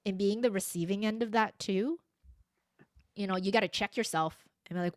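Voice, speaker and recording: A middle-aged woman chatting on a podcast, telling personal stories in a lively way and acting out what people said. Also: medium pitch, normal speed, no echo, clean studio sound. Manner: animated storyteller who acts out quoted speech. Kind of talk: casual podcast conversation.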